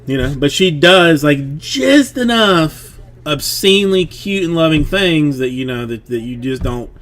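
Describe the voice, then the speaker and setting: A man's voice: fairly high pitch, expressive, unhurried, fairly bright tone, faint music behind. Man, thirties, a streamer and dad, casual rambling chat, heavy on fillers. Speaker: streamer, father of a young daughter.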